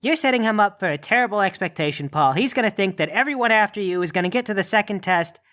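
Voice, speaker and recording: A man's voice: high-pitched, animated, quick pace, a bit bright. A man voicing a grumpy old male holiday monster who blusters and complains. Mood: exasperated. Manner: blustering, exasperated.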